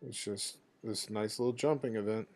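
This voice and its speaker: Male game streamer, lowish voice, loose and profane, casual storyteller. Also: fairly even intonation, normal speed, darkish tone. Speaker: streamer playing a video game. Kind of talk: casual rambling anecdote over gameplay.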